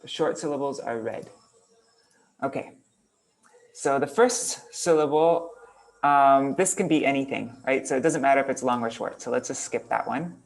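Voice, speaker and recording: A man's voice: medium pitch, moderate pace, creaky. A man teaching an online class, casually thinking aloud as he works on screen and chanting out syllable patterns. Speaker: kirtan teacher. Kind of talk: online class explaining verse meter.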